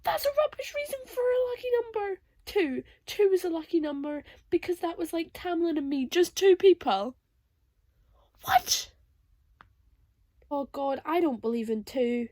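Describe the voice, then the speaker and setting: A woman's voice: very high-pitched, animated, unhurried, a little mellow. A young woman vlogging emotional reactions aloud as she reads a novel. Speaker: booktuber reading a novel. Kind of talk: casual reading vlog reactions.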